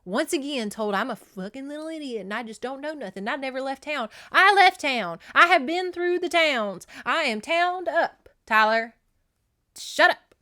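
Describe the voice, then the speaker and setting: A woman voicing a young Southern woman, defiant and shouting. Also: on the high side, expressive, fast, hardly any pauses, no room sound, clean studio sound, voice pushed up, natural voice. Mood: fed up. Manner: shouting, indignant.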